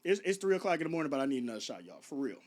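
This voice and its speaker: A man's voice: mid-range voice, sing-song, rapid-fire. A man, ranting late at night to his viewers, stumbling over restarts and firing off rhetorical questions. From Chicago. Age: 30s. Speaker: vlogger. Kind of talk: late-night rant to camera.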